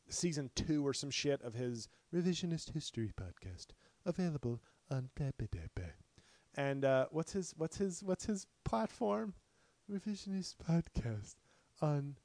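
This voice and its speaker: A man hosting a podcast, riffing through a rambling, profane comedic monologue full of tangents and sudden loud bursts. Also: fairly high pitch, no room sound. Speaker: podcast host.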